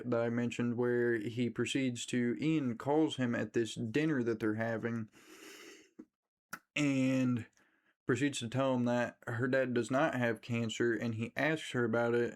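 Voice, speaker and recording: A man recapping a movie in a loose, casual rant. He tells the story with animated energy and plenty of swearing. His voice sits at an ordinary middle pitch for a man. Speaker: movie reviewer.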